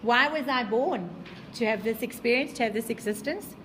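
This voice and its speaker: Teacher voicing a forlorn male creature, slow pleading read, high voice. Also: a bit bright, a little hiss or hum, natural voice. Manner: slow, pleading dramatic reading.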